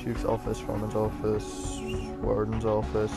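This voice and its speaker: Over music, a young man with a mid-range, lively voice talks at normal speed while playing a game. As a gaming channel host doing let's-play commentary, he rambles casually, mocks himself, and uses lots of fillers.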